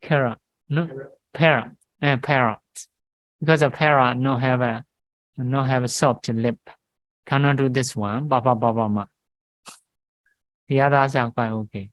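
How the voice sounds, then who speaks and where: A man, a monk teaching Pali grammar in halting English, reciting syllables and pausing often. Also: medium pitch, steady tone, highs cut off. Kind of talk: grammar lesson. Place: meditation centre classroom.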